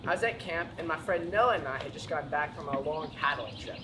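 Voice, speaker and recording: A young American man doing a stand-up comedy set, telling stories with animated, panicky acted-out moments. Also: on the high side, quick pace, background noise. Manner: animated storytelling, acts out panic. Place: school auditorium with live audience.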